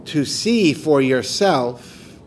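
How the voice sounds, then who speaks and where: A man of ordinary pitch guides a mindfulness meditation at an easy, unhurried pace. His manner is calm and gentle, and he returns again and again to soft questions. He speaks outdoors during a morning walk. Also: a little hiss or hum. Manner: asks soft repeated questions. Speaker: meditation teacher.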